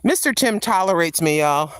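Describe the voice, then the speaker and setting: A woman's voice: fairly low pitch, expressive, moderate pace, a bit bright, clean tone, no echo. An older woman hosting a vlog, chatting and joking outdoors in a riverside park. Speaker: vlog host. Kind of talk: casual chat on a walk.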